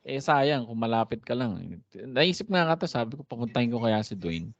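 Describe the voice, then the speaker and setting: A man's voice: mid-range voice, sing-song, a little fast, gravelly. A man with a Filipino accent teaching a Spanish class online from home, chatty and encouraging as he mixes Tagalog and English. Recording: dry, slightly dull lo-fi audio.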